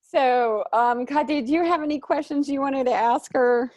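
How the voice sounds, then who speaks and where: A woman's voice: high voice, normal speed, darkish tone, dry recording. A woman hosting a podcast interview, laughing along and asking short questions. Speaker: podcast host. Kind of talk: casual interview chat.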